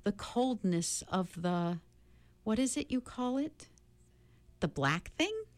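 A woman voicing a slow, gentle alien beast. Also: mid-range voice, very animated, no room sound, pitched above the performer's own voice. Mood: grave, soothing. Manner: slow, measured, searching for words.

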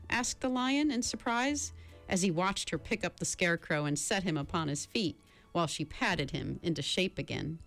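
A woman narrates a storybook in a measured, expressive way. Her voice is on the low side, with plenty of rise and fall. Soft music plays faintly beneath her.

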